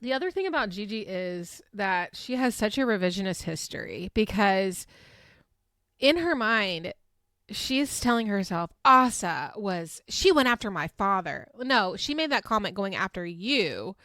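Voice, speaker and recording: A woman past her twenties hosts a podcast recapping a reality show, chatty and casual, speaking frankly, swearing freely, and laughing often between fillers. Her medium-pitched, fairly bright voice swings widely in pitch at a measured pace, in studio quality with no echo.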